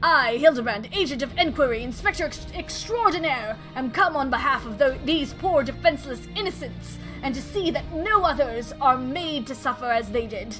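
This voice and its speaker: Woman doing a pompous gentleman inspector, grand archaic speech, fan game voice acting, very high voice. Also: lively intonation, moderate pace, hardly any pauses, over music.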